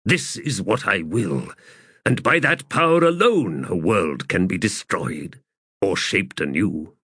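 A man voicing a grim, cold undead male warrior lord who speaks gravely and solemnly, in an audiobook. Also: low voice, sing-song, slow, a bit bright, no echo, studio quality, heavily acted.

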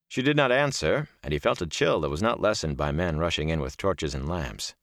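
A man narrating an audiobook in a steady, expressive storytelling manner. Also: rumbling low, fairly quick, hardly any pauses, no room sound, clean studio sound. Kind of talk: scripted narration.

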